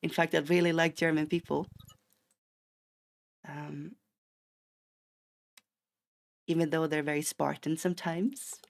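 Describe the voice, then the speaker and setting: Casting: male streamer from Sweden, gravelly fry in the voice, loose rambling chat with frequent restarts. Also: fairly high pitch, steady tone, normal speed. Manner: rambling, chatty, restarts sentences, drifts into tangents. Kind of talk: casual live-stream chat while gaming.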